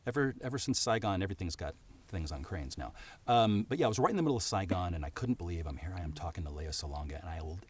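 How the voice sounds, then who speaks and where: A man, a variety show cast member, telling a comic story with halting, stammering restarts and a deadpan build-up. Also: low-pitched, slightly rough.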